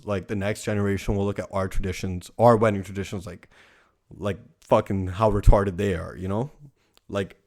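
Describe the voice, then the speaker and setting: A man's voice: on the low side, darkish tone. A young man hosting a casual podcast monologue, ranting with lots of swearing and "like" fillers. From Canada. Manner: profane ranting, heavy use of "like". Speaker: podcast host.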